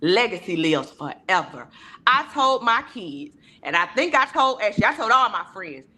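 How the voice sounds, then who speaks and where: A woman speaks on a video call, giving a heartfelt testimony. Her voice is bright and forward, and her delivery is emphatic and preacher-like. She slips into other people's voices as she quotes them. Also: mid-range voice, very animated, normal speed. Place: virtual town hall video call.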